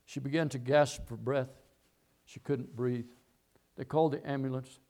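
Middle-aged pastor preaching, gravelly and mellow, keeps repeating himself. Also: male voice, medium pitch, fairly even intonation. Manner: storytelling preacher, repeats phrases, pauses mid-sentence. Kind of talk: sermon.

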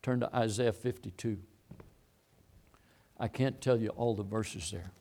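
A man's voice: lowish voice, unhurried, dark tone. A man preaching a sermon, repeating and stressing his points as he quotes scripture. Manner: emphatic, repetitive preaching with Bible quotes.

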